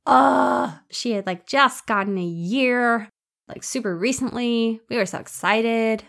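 A woman's voice: a little high, unhurried, fairly bright tone. A woman telling a story bluntly and brashly, acting out what people said. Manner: blunt, brash, acts out quotes. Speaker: interviewee, sister. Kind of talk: casual storytelling.

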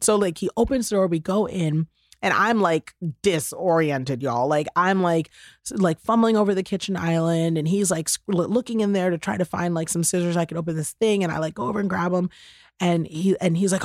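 Woman podcast host, low voice, animated casual storyteller, dry close sound. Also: fairly quick, no room sound. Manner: animated storytelling, full of "y'all" and "like". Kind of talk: casual chat.

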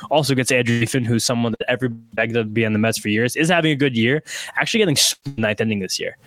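A man co-hosting a podcast in casual sports chat, excitable and full of fillers. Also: medium pitch. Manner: excitable, rapid, lots of fillers. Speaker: podcast co-host. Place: Brooklyn room.

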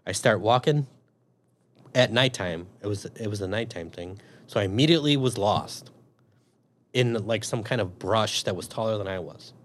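A man with a slightly low voice tells a story in a loose, chatty way. He swears freely and acts out what he was thinking as he goes. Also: normal speed, slight background noise. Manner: profane, animated storyteller. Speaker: guest telling a story. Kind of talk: casual storytelling.

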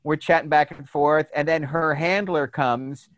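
A man's voice: on the high side, measured pace, no room sound. A man co-hosting a podcast, telling an anecdote in casual chat and acting out the quotes with laughs. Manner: animated storyteller, acts out quotes with laughs. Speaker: podcast co-host.

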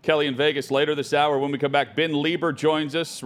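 A man co-hosting a sports talk radio show, introducing clips and teasing upcoming guests briskly. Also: fairly high pitch, little pitch movement, soft background music. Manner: brisk announcer-style transitions.

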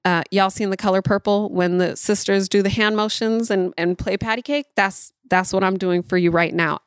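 A woman's voice: mid-range voice, no room sound, clean studio sound. A woman in her thirties hosting a parenting podcast, chatting directly to listeners and calling them y'all. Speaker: podcast host. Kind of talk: casual solo podcast talk.

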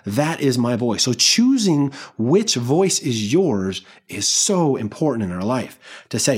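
A man's voice: medium pitch, very animated, a little slow, hardly any pauses, husky. A man hosting a self-help podcast, talking straight to his listeners in an earnest, encouraging way and sometimes speaking as if coaching himself aloud. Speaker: podcast host.

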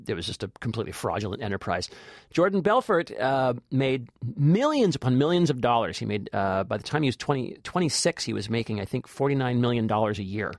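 A man's voice: on the low side, no room sound, clean studio sound. A man co-hosting a movie review podcast, chatting casually with lots of fillers and restarts. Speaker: film critic podcast co-host.

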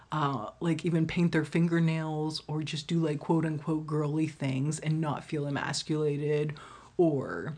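A woman's voice: sits low, darkish tone, slightly rough. A woman hosting her own podcast alone, talking frankly and casually, swearing freely and laughing often. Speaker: podcast host. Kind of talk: candid solo podcast monologue.

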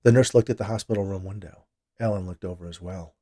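Husky man narrating horror. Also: deep voice, fast talker, dark tone.

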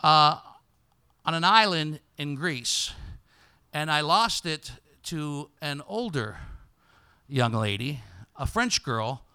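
A man with a high, sharply bright voice tells a comic story as a podcast host. His delivery is loud and animated, often jumping into shouts for effect. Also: slow pace, clear, resonant tone.

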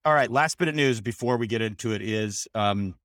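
A man's voice: fairly low pitch, fairly quick, a bit bright, smooth, dry recording, clean studio sound. A man co-hosting a podcast, chatting loosely and joking, with swearing and plenty of fillers. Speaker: podcast co-host. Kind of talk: casual chat.

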